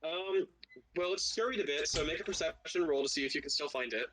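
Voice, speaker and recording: A man's voice: on the high side, quick pace, noisy background. A man running a tabletop game as game master, narrating loosely and laughing often.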